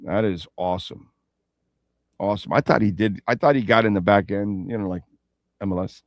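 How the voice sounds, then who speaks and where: A man's voice: fairly low pitch, a little fast, no echo. A man hosting a sports radio show in a casual, rambling way, with playful asides and betting talk. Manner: reads sponsor ads and betting lines.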